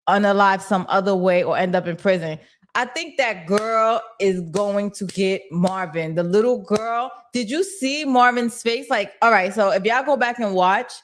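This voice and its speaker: A young adult woman hosting a casual livestream, reading viewer comments aloud and answering in lively, slangy talk. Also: mid-range voice. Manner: animated and slangy, talks back to chat. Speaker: host of a TV recap livestream.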